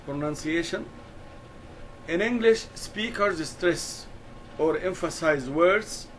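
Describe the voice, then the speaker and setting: Male English teacher, very slow, deliberate, repeats key words for the class. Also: on the high side, a little hiss or hum, low-quality recording. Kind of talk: classroom lesson explanation.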